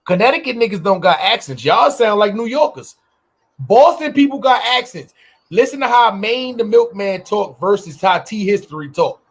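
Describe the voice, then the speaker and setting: A man from New York co-hosting a podcast, talking in a blunt, profane, animated casual way. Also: high voice, normal speed, slightly rough. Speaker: podcast co-host. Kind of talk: casual chat.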